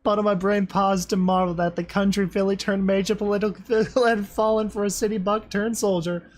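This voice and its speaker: A man's voice: high voice, little pitch movement, fairly quick. A man reading a story aloud and commenting on it, laughing often and crying out in mock dismay. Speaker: reader and commentator. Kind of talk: fan fiction reading with commentary.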